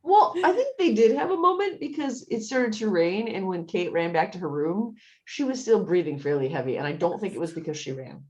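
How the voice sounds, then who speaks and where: A woman co-hosting a casual chat about a TV show, telling the story with lots of laughs and jumping high when she quotes characters. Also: very animated, brisk, few pauses, dull audio. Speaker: podcast co-host.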